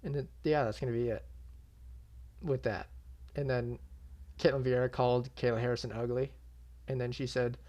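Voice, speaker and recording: Through lo-fi sound comes a young man's mid-range voice, steady and darkish at a normal speed, broken by long pauses. He hosts an MMA channel and does casual reaction commentary in a loose, unscripted recap aimed straight at his audience, swearing freely in a blunt, exasperated way.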